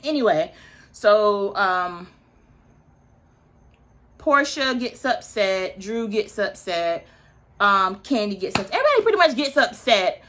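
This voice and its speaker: Bright-voiced woman, early 30s, chatting about last night's episode all opinionated. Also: mid-range voice, very animated, measured pace, pauses often. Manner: chatty and opinionated, with asides to viewers. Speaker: reality TV recap host. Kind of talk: casual recap chat.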